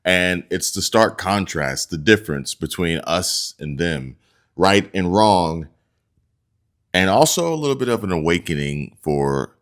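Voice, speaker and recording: Male commentary host, very low voice, stumbling, direct-to-viewer monologue. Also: expressive, measured pace, fairly bright tone. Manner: addresses viewers as folks, restarts and stumbles.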